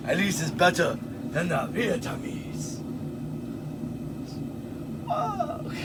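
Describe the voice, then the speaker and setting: A man's voice: fairly high pitch, lively intonation, unhurried, heavy background noise. A man vlogging in his workshop while he works, joking around, exclaiming often and swearing a lot. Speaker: swordsmith. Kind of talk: casual workshop vlog.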